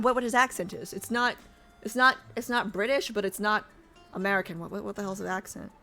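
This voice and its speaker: A woman streaming a game who reads its text aloud and reacts excitedly, with casual swearing. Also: mid-range voice, fairly quick, soft background music. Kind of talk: live-stream gameplay commentary.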